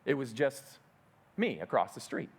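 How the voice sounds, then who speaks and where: A man's voice: mid-range voice, very animated, moderate pace, gravelly, slightly rough. A middle-aged male pastor telling a story in a sermon, vividly acting out the moments he describes.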